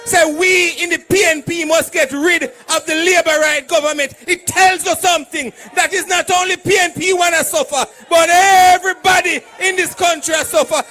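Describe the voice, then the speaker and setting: A Jamaican man, a doctor and political candidate, shouting a fiery rally speech to a crowd of supporters. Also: extremely high pitch, steady tone, moderate pace, few pauses, soft background music.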